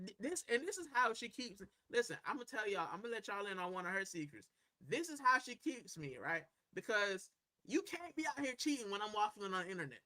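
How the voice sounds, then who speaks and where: Indoors in a corner of his house, a man hosts a stream, casually chatting, reading comments aloud, and saying "bro" nonstop. His high-sitting voice sounds pushed and bright, very animated and fairly quick.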